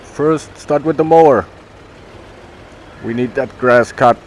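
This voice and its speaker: A man's voice: mid-range voice, slow, a little hiss or hum. A man casually commenting on his own gameplay, thinking aloud as he goes and correcting himself along the way. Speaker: gaming video host.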